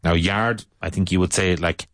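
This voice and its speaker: A man with an Irish accent explaining patiently in casual talk, pausing to search for words, as a teacher. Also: sits low, steady tone, fairly bright tone, no room sound.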